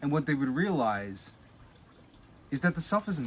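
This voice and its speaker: A man giving a casual spoken teaching, guiding the listener through an exercise and often dropping to a soft, low voice. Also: sing-song, normal speed, long pauses, slight background noise. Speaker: spiritual teacher.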